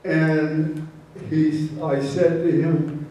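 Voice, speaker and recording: A man telling folksy true stories at a live storytelling event, in a slow anecdotal manner, recorded from far off in a roomy hall. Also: fairly high pitch, mellow. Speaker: storyteller, former prosecutor.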